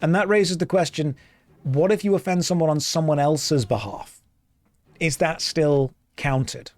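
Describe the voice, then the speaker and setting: English guy streaming a game, joking around, bit high voice, dry close sound. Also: a little slow, darkish tone, no room sound. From England. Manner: rambling, joking, thinking aloud. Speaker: streamer playing an online game. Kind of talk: casual gameplay chat.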